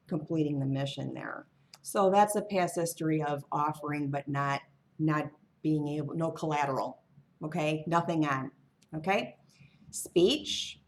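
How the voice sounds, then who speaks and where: This is a woman giving a casual tarot reading as a monologue for her channel. She speaks in an unhurried, low-set voice. Her delivery wanders, and she often muses aloud and drops offhand remarks. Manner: musing, wandering, offhand asides. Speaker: tarot reader.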